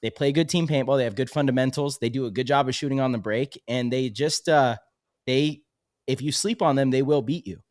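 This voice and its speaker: A man hosting a casual podcast, talking in a relaxed, agreeable way with many hedges. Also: mid-range voice, fairly quick, no room sound, studio quality. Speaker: podcast host.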